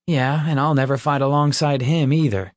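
A man's voice: mid-range voice, steady tone, normal speed, no room sound, clean studio sound, natural voice. A man voicing a brash, defiant wild boy. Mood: determined. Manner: brash, stubborn.

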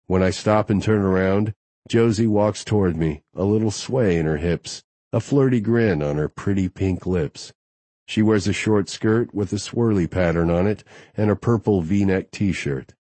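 A man's voice: lowish voice, measured pace, dark tone, dry recording. A man narrating a romance audiobook in first person, intimate and wry.

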